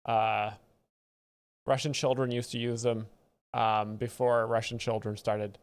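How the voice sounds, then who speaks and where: A man hosts a live stream and breaks down stand-up jokes with mock authority. His delivery stays deadpan, and his pitch sits in a mid range. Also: unhurried, clear, resonant tone. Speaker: joke-explainer host. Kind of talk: deadpan comedic commentary.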